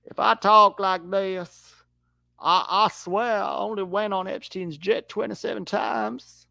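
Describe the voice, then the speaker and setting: A man doing an impression of an older male politician, with slow, drawn-out, mock-earnest denials. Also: high voice, steady tone, gravelly, sharp tone, voice pushed up, full character voice. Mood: mock-innocent.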